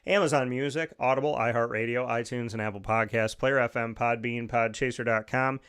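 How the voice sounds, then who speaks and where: A man's mid-range voice, steady, fairly quick, fairly bright, and clear with a resonant tone, fills the studio where he hosts his own radio and podcast show. With upbeat enthusiasm he runs through lists and sponsor plugs.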